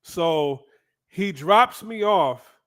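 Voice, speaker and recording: Man telling a casual travel story, lively and crude, slightly higher voice. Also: extremely slow. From United States. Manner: animated, profane, frequent "right?" asides. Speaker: vlogger.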